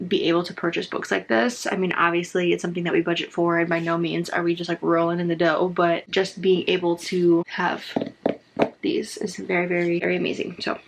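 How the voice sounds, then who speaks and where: A woman chatting casually in a reading vlog, gushing and excitable as she talks about a book. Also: lowish voice, a little fast, gravelly, a little hiss or hum. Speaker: book vlogger. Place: outdoors on a work break.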